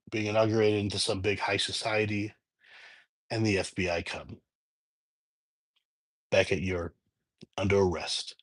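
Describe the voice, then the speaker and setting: A man chatting through a movie review in a relaxed, unscripted way. His pitch sits in an ordinary middle range. He stumbles, restarts, and piles on fillers as he recounts the story from memory. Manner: rambling plot retelling with restarts, unscripted. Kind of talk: casual spoken film review.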